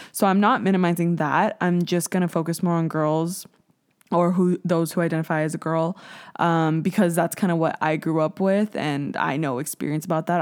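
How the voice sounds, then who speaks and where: A woman in her twenties hosts a casual solo podcast in a fairly low, slightly mellow voice. She talks candidly, scattering "like" fillers and some swearing, and laughs at herself while cracking jokes at her own expense.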